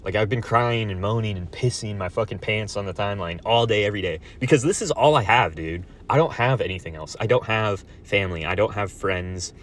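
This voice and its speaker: A young man with a lowish voice rants at his audience in a foul-mouthed monologue, swearing constantly. He swings from sarcastic shouting to low mutters. A faint hiss of noise sits underneath. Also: brisk, few pauses. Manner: angry, sarcastic, swears constantly, jumps between loud outbursts and mutters. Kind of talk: profane ranting monologue.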